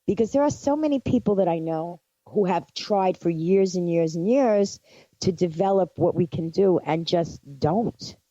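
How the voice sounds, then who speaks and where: A woman's voice: lowish voice, lively intonation, moderate pace, warm tone, no room sound. A woman co-hosting a psychic radio show, speaking earnestly and affirming what others say. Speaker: psychic medium co-host. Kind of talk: casual radio chat. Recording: dull dry lo-fi sound.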